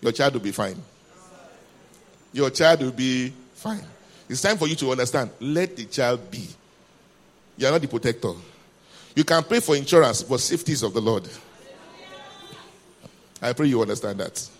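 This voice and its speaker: A man's voice: mid-range voice, animated, fairly quick, long pauses. A man preaching a sermon, emphatic and calling for responses from the congregation.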